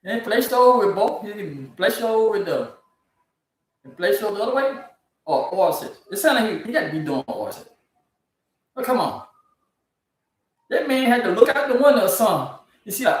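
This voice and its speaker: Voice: mid-range voice, very animated, fairly quick, long pauses. Echoey incredulous news ranter. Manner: incredulous, ranting, laughs often. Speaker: commentator reading news stories. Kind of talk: casual comedic news commentary. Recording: very echoey, from far off the mic.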